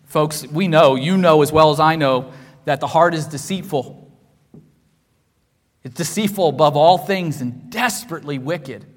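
A man preaching a sermon as pastor, emphatic and repetitive, swinging from hushed low passages to loud raised ones. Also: measured pace. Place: church sanctuary. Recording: long hall reverb from a church.

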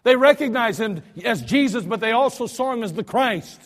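An American male pastor preaching a storytelling sermon, swinging between soft asides and loud cries. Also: very high voice, animated, normal speed, hardly any pauses. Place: church sanctuary. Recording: church hall reverb.

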